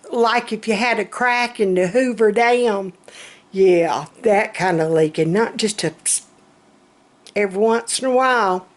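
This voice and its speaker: Slow-talking woman vlogging. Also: mid-range voice. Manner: chatty, self-mocking storyteller. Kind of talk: casual chat.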